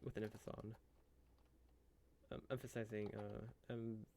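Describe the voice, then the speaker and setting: A man streaming live, musing aloud and muttering to himself with halting restarts as he builds a character. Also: fairly low pitch, level tone, darkish tone, slight background noise. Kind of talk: musing aloud while looking things up.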